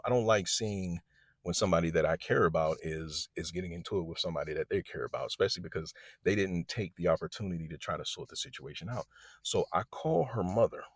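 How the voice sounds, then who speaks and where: A man tells a long personal story in a relaxed, chatty vlog style. His voice sits low and a little husky. He brings the people in his story to life by acting out their lines, and the recording is dry and close. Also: no echo. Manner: animated storyteller, quotes others in lively voices. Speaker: vlogger telling a personal story. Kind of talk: casual storytime monologue.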